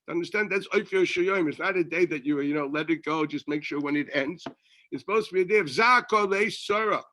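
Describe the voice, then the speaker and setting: Bright-voiced rabbi giving a lively class. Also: male voice, a little high, fairly quick. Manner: conversational, asks and answers his own questions, mixes Hebrew and Yiddish terms. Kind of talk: Torah lecture.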